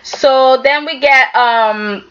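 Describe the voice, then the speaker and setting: A woman's voice: sits high, drawn-out words, fairly bright tone, clear, resonant tone, highs cut off. A woman giving a casual, sassy recap of a soap opera episode, talking back to the characters.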